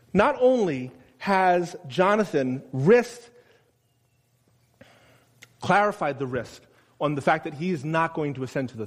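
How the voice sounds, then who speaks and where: A man preaching a sermon in a conversational way, asking his listeners questions and loudly acting out the quotes he reads. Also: high voice. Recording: long reverb of a large room.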